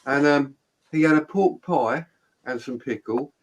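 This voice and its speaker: A man's voice: mid-range voice, unhurried, rough recording. A man telling anecdotes in casual chat, laughing and acting out his drunk friends.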